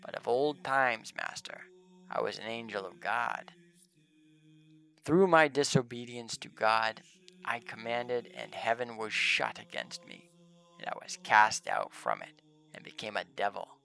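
Man reading a defiant fallen demon, gravelly, mid-pitched, solemn old-fashioned speech. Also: very animated, unhurried, sharp tone, full character voice. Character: fallen male demon spirit, boastful and defiant.

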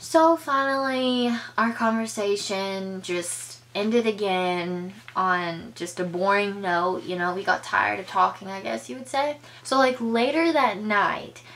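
A woman's voice: takes it slowly, few pauses, a bit bright, a little hiss or hum. A young woman telling a casual storytime on her vlog, chatty, full of filler words, and acting out the lines she quotes. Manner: chatty, filler-heavy, acts out quoted lines with big pitch jumps. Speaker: vlogger.

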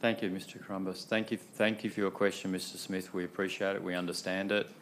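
A man's voice: deep voice, little pitch movement, fairly quick, fairly bright tone, a little hiss or hum. A man chairing a council meeting as mayor, polite and patient, often repeating himself. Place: council chamber.

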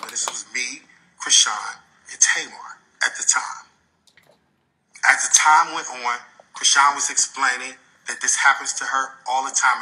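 A man working as a road manager, retelling a backstage incident in animated detail, acting out what others said. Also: medium pitch, rough recording. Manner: animated retelling with quoted dialogue. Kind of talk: storytelling in an interview.

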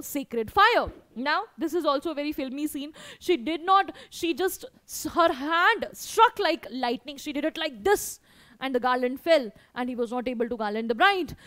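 A woman's voice: sits high, a bit bright, no room sound. A woman teaching an online class, reading a story aloud and explaining it in simple words. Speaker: English teacher.

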